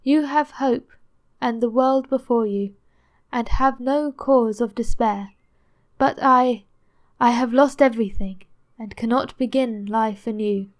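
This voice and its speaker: A broken, grief-stricken nobleman from a classic audiobook, read by a woman. The voice sits a touch high and pushes out with impassioned force, heavy with lasting despair. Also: unhurried, close to an everyday voice. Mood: anguished. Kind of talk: audiobook narration.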